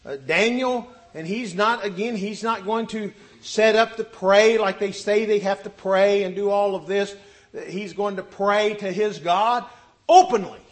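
A man's voice: sits high, a little slow. A man preaching a sermon, telling Bible stories and acting out the quotes. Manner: animated, acts out scripture quotes.

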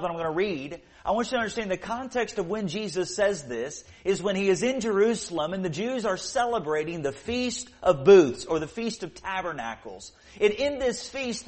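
A man preaching a sermon, reading scripture aloud and slowing down to stress key phrases. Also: high voice. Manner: earnest preaching, slows and swells to stress scripture.

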